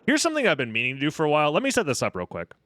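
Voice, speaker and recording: Snarky young male streamer, bright voice. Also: on the high side, huge pitch swings, rapid-fire. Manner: snarky, sarcastic, swearing freely. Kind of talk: casual live-stream gaming chat.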